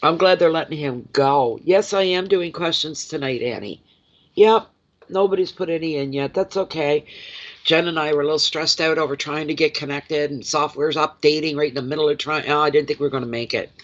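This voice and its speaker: A man's voice: fairly high pitch, brisk, a bit bright. Middle-aged man, card reader, casual livestream chat, chatty storyteller, emotional, muffled lo-fi sound.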